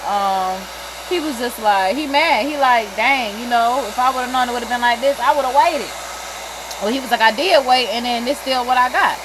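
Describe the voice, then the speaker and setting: Animated gossiping woman in her thirties. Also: fairly high pitch, background noise. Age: 30s. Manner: animated, swearing, laughing between stories. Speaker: livestream host. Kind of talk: casual gossip chat.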